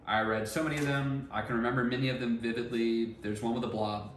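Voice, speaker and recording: A man's voice: mid-range voice, fairly even intonation, fast talker. A man co-hosting a casual chat with wry, easygoing banter. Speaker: co-host. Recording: distant mic in roomy room, faint noise.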